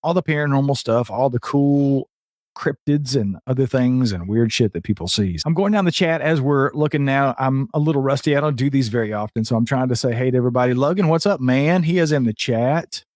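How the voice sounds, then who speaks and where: A man's voice: mid-range voice, brisk, darkish tone, no echo, studio quality. A man hosting a live podcast, upbeat and chatty, greeting viewers in the chat as he talks. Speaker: podcast host.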